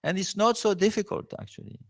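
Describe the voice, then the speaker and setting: A visiting spiritual teacher, a man, gives a devotional lecture in non-native English, pausing often and checking in with "huh?". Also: high voice, steady tone. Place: temple hall.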